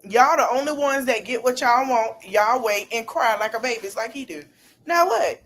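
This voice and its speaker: A woman hosting a casual podcast stream, talking in an animated, slangy way and repeating her phrases. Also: a little high, normal speed. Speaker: podcast host.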